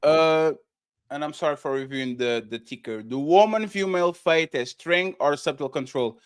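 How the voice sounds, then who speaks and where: A man's voice: a little high, moderate pace, smooth. A man with a New York accent hosting a casual panel podcast, asking loose, rambling questions full of restarts. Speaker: podcast host. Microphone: streamed podcast mic.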